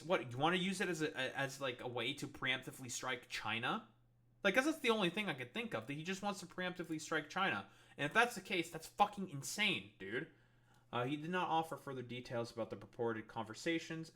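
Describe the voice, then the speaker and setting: Bright-voiced, exasperated male commentator. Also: medium pitch, animated, fairly quick. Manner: exasperated, profane, lots of filler. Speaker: political commentator. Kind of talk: reading news aloud and ranting.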